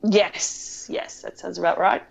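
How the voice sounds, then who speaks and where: A woman's voice: on the low side, measured pace, vocal fry, breathy edge. A woman film director, chatting animatedly in an interview and telling stories with laughs. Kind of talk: casual interview conversation.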